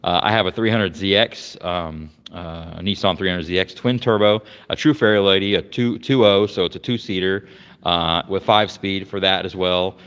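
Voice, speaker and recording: Rambling man with a low voice. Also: steady tone, moderate pace, fairly bright tone, smooth, big-room sound. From Florida, United States. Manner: rambling, many fillers and restarts. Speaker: vlogger showing his car collection. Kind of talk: casual walkaround chat. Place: garage workshop.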